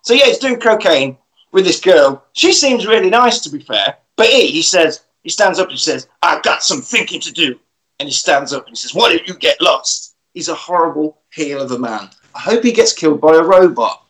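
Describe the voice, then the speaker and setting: A man's voice: a little high, very animated, a little fast, fairly bright tone, low-quality recording. A man casually recapping a film plot, swearing and acting out the characters' lines.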